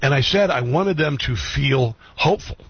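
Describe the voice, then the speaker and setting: A man's voice: mid-range voice, lively intonation, normal speed, breathy edge, dull audio. A middle-aged man hosting a talk radio show, speaking earnestly to his listeners and repeating key phrases for emphasis. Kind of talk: heartfelt monologue to listeners. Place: radio studio.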